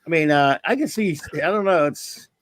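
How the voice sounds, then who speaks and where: A man co-hosting a casual livestream with an easygoing, rambling style, often trailing off mid-thought. His voice sits a bit high, in a dry setting. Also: moderate pace, smooth, no room sound. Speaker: co-host.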